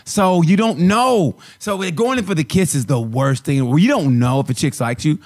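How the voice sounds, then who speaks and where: Young guy podcast cohost, high voice, super lively, rambles and restarts a lot. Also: normal speed. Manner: animated, rambling with restarts and acted-out quotes. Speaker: podcast co-host. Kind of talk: casual comedic chat.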